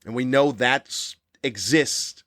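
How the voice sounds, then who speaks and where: A man's voice: slow, no echo, clean studio sound. Fired-up ranting man in his fifties. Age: 50s. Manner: animated, ranting, with sudden high-pitched jabs. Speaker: podcast host. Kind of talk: cranky comedic monologue.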